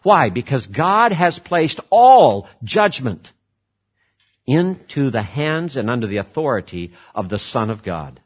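A man preaching a sermon, emphatic, repeating words for stress and switching between slow, weighty phrases and quick runs. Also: medium pitch, big pitch swings, husky, muffled recording. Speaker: pastor.

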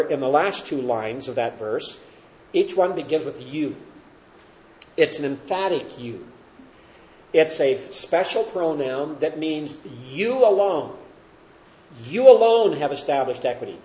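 A man's voice: fairly high pitch, a little mellow. A man teaching a Bible study class, explaining verses and asking his listeners questions as he lectures. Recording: roomy echo.

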